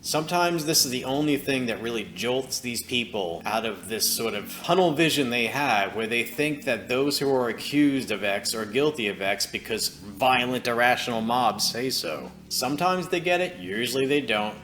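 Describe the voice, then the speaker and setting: A man's voice: mid-range voice, lively intonation, moderate pace, few pauses, fairly bright tone. A man hosting a commentary video, talking in a sarcastic, scornful way.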